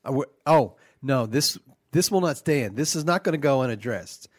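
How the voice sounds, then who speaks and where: A man's voice: mid-range voice, animated, normal speed, dry recording, studio quality, lightly acted. A man playing a petty, indignant devil who hosts a podcast from hell, talking in an aggrieved, flustered way full of false starts. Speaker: podcast host.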